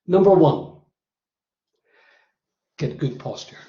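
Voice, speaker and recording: A man from Northern Ireland, with a fairly high voice and lively intonation, gives a motivational workshop talk at a slow pace. He counts off his points one by one with emphasis. The recording sounds roomy and slightly dull.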